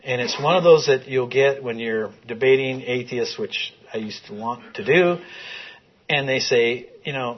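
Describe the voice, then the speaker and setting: A male teacher leads a Bible class in a classroom, chatting through the text and asking the group questions. His voice is mid-pitched and a bit husky, and the recording sounds dull and lo-fi. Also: measured pace. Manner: conversational, asks the class questions. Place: classroom with a screen.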